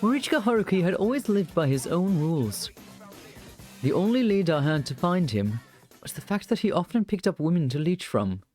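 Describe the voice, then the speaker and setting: A man's voice: high-pitched, very animated, fairly quick, darkish tone, soft background music, voice pushed up. A man voicing a young male main character with a put-on vaguely British accent, narrating a visual novel in the first person.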